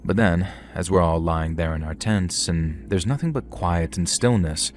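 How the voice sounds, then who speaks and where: A middle-aged man narrating a first-person horror story in a measured, dry storytelling manner. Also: low voice, faint music behind.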